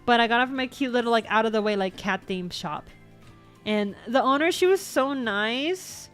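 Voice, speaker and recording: A woman with a fairly high voice and lively intonation speaks at a moderate pace over soft background music. She's an American VTuber vlogger doing a casual show-and-tell about things she bought, rambling, correcting herself, and swearing now and then.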